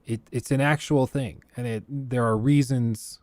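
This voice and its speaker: A man hosting a gaming livestream, giving casual, opinionated commentary with animated outbursts into a close desk mic. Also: medium pitch, a little slow, no echo.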